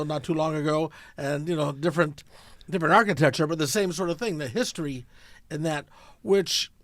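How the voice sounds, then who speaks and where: A man's voice: high-pitched, dry recording. A man hosting a casual interview, telling chatty personal anecdotes. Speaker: interview host.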